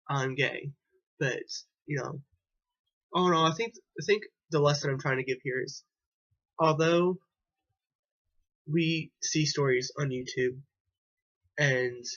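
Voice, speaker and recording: A man's voice: fairly high pitch, fairly bright tone. Hesitant young man on a dull recording. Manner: rambling, hesitant, many restarts and repeats. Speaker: vlogger. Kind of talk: personal storytelling to camera.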